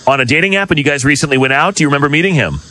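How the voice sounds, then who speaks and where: A man's voice: on the high side, lively intonation, very fast, pushed and bright, low-quality recording. A man hosting a radio show, talking in a direct and playfully argumentative way. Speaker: radio host.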